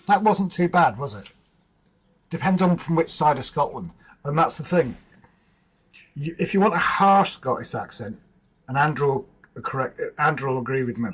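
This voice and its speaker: A man in a relaxed home stream, chatty and informal, answering the live chat one viewer at a time. His voice is husky and sits at a middling pitch, and he trades easy banter with his partner off to the side. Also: low-quality recording. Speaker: livestream host. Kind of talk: casual livestream chat.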